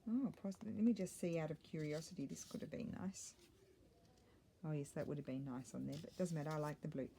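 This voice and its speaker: A woman's voice: low voice, expressive, quick pace, creaky, warm tone, a little hiss or hum. A middle-aged woman chatting casually while she crafts, thinking aloud and muttering little asides to herself. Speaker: craft vlogger.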